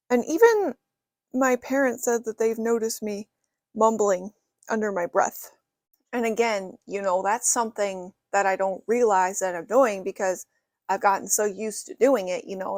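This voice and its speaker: A young woman chats to camera in a relaxed, rambling vlog, filling pauses with "you know" and "like." Her voice sits at an ordinary middle pitch. The sound is close and dry. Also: dry recording. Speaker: vlogger. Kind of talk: casual vlog talk to camera. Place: her bedroom.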